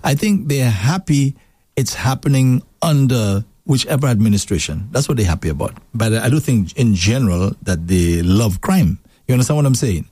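A man hosting a call-in radio show, calm and firm when he disagrees with callers. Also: mid-range voice, moderate pace, breathy edge, no room sound. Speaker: radio host.

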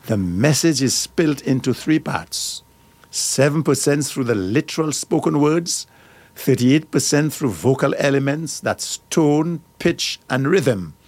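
A middle-aged man hosts a radio talk show, speaking into a studio mic at an ordinary mid-range pitch. He works through a list of points, then stops to add firm, plain-spoken asides of his own. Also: no echo.

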